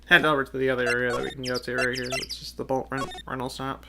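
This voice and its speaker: A woman's voice: rumbling low, monotone, fast, heavy background noise. A woman streamer chatting casually and playfully while playing a game, trailing off as she thinks. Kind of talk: casual game let's-play commentary. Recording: game music playing behind.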